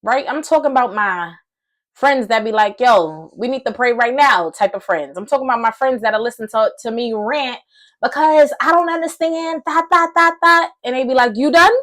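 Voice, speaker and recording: A woman giving a casual, animated Christian teaching to camera, chatty and excitable, calling her listeners y'all. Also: sits high, moderate pace. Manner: conversational slang, addresses viewers as y'all.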